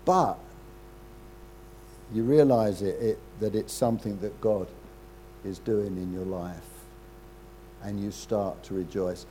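An older man preaching a sermon in a conversational way, with rhetorical questions and frequent throat-clearing. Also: fairly low pitch, fairly even intonation, takes it slowly, long pauses, warm tone, a little hiss or hum.

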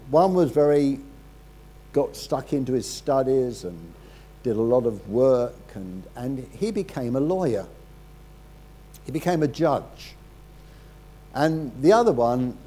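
A man preaching a sermon, telling a story in a halting way, repeating words and dropping quiet at solemn moments. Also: medium pitch, slight background noise, low-quality recording.

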